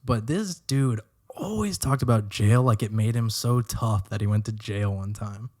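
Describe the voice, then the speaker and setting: A young man co-hosting a casual podcast, telling animated stories and swearing freely. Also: on the low side, unhurried. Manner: animated storyteller, swears a lot, acts out quotes. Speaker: podcast co-host. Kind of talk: casual chat.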